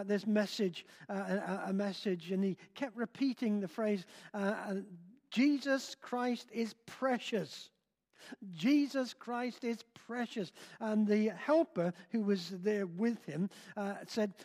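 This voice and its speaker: An older man preaching a sermon in a church, slow and halting with many filler sounds. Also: high-pitched, a little mellow. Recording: long reverb in a hall.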